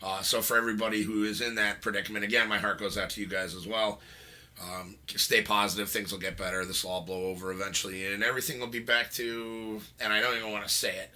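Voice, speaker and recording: A young man hosting a relaxed podcast chat, his voice low-pitched yet very bright and forward. He rambles with lots of fillers and laughs often. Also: fast talker. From New York. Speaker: podcast host. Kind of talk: casual chat.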